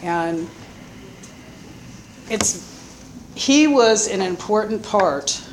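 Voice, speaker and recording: A middle-aged woman from Florida with a Southern accent, telling her own life story in a halting way, full of pauses and fillers. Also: medium pitch, expressive, slight background noise. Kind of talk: personal life story, told unscripted.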